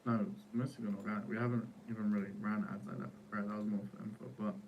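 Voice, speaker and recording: A man's voice: on the low side, little pitch movement, quick pace, dull audio. Casual young guy in a podcast chat, slightly distant mic, faint room hum. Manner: casual, slangy, says "bro" and "like" a lot. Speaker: founder of an AI startup.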